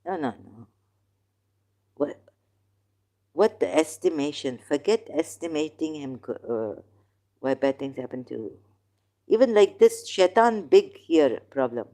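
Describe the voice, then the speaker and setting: Slow, mellow-voiced rambling commentator. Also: mid-range voice, animated. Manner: rambling, argumentative, questions the listener; non-native English with broken grammar. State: in neck pain, groaning. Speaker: host. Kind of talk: casual religious commentary monologue.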